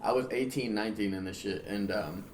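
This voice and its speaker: A young man with a Midwestern American accent and a lowish, brisk voice rambles as a podcast guest, drinking beer as he talks. His casual conversation is loaded with slang and swearing, and he keeps saying "bro." A faint hiss or hum runs under the recording.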